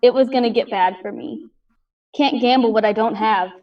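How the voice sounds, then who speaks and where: A woman playing in a tabletop role-play session, chatty and animated. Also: fairly high pitch, normal speed. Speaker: player. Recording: distant, dull remote mic.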